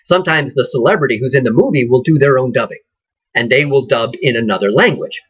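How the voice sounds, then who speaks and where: A man teaches an acting class casually and conversationally, thinking aloud and frequently restarting his sentences. He talks fast in a husky, medium-pitched voice, captured on a dull lo-fi recording.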